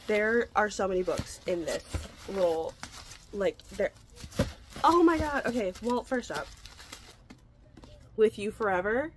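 Casting note: young woman, chatty book vlogger, excitable and gushing, filler-heavy delivery. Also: mid-range voice, a little slow, long pauses, slight background noise. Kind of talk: casual chatty book vlog.

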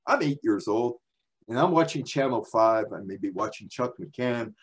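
A man's voice: medium pitch, expressive, normal speed, breathy edge. A man, probably in his sixties, from the New York area, giving a chatty library talk with slides, full of asides and rhetorical questions. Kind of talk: storytelling presentation with slides.

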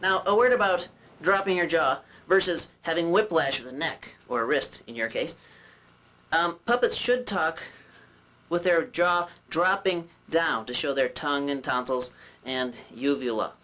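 A man voicing a chatty male puppet who teaches puppetry with jokes and rambling asides, often clearing his throat. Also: a little high, expressive, measured pace, pushed and bright. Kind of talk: puppet demonstration lesson.

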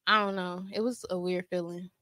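A woman's voice: on the low side, steady tone, fairly quick, sharp tone, no echo. A young woman telling an emotional story in casual chat, full of "like" and casual swearing. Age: young adult.

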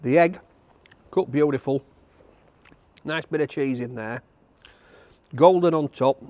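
In a slightly high, somewhat mellow voice, a man reviews a takeaway outside, speaking slowly as he chats to camera and gushes over every mouthful. The food reviewer's recording has no echo.

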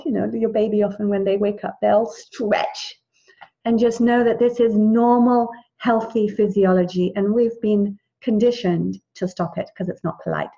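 A woman's voice: on the high side, mellow, highs cut off. Chatty woman teaching a wellness class. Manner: chatty, encouraging, restarts often. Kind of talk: live group class over video call.

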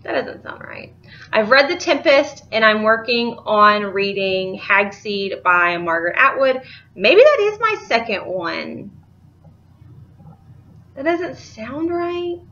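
A woman's voice: medium pitch, very animated, measured pace, pushed and bright, highs cut off. A young woman, chatting casually and rambling about books she bought, laughing easily. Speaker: book vlogger. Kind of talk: casual chat.

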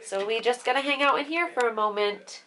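A woman's voice: a little high, brisk, bright, forceful tone, a little hiss or hum. A young woman talking casually to her vlog camera at home and cooing at her baby son. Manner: chatty, coos and baby-talks to her son. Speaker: vlogger and mother. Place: home, indoors.

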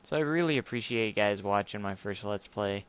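A man's voice: lowish voice, a little fast, fairly bright tone, clear, resonant tone. A young man talking casually and awkwardly over his gameplay, rambling and apologizing as he goes. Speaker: gamer. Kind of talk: casual let's play commentary.

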